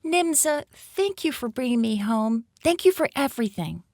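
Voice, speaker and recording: Orion, a woman doing an excited little girl. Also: moderate pace, dry recording, studio quality. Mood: wistful. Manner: high, excited child's voice. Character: curious, brave little girl.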